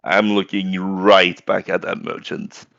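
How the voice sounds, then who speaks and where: A laid-back, joking tabletop player with a very low, gravelly voice takes his time over every phrase. The mic sounds dull and dry, with no room around him. The feel is casual and unhurried. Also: completely flat delivery, a bit bright, no room sound.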